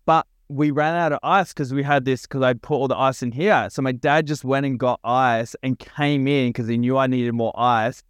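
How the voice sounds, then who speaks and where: A man's voice: medium pitch, steady tone, moderate pace, few pauses, smooth, dry recording. A man hosting a podcast in casual chat, laid-back and slangy, laughing along with his guest. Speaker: podcast host.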